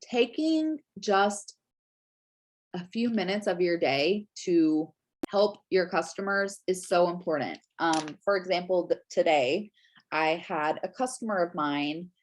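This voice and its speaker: A woman's voice: on the low side, lively intonation, takes it slowly. A young woman chatting casually to camera, giving tips to fellow sellers, full of fillers and "right?". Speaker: Scentsy consultant giving business tips.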